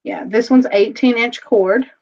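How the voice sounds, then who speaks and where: A woman's voice: a little high, unhurried, creaky, darkish tone, highs cut off. Chatty woman selling jewelry live. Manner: chatty, describes items in detail with fillers. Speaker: jewelry reseller running a live sale. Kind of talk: casual live-stream selling chat.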